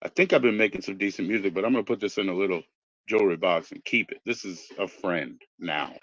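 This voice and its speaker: Talking fast in a fairly low, slightly bright voice, this forties-aged podcast host meanders from tangent to tangent and swears freely in casual conversation. It's a dull, lo-fi recording with no room sound at all.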